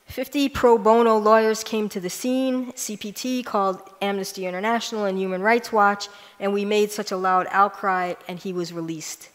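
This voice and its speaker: A woman's voice: medium pitch, steady tone, normal speed, hardly any pauses. A woman giving a prepared conference talk, telling a personal story earnestly and stressing key lines. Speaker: conference speaker. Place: large church hall. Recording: long hall reverb.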